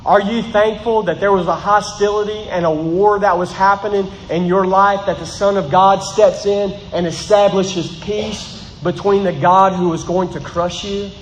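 Emphatic preaching man, high voice, echoey hall. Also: fairly even intonation, moderate pace, a little hiss or hum. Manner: emphatic preaching with repeated phrases and rising bursts. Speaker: pastor. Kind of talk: sermon. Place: large room with congregation.

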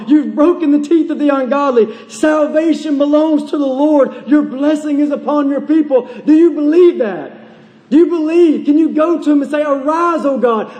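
An extremely high-pitched yet mellow male voice belongs to a pastor preaching in a church sanctuary. He pushes his congregation with urgent, repeated questions, and the recording carries the long reverb of a large hall.

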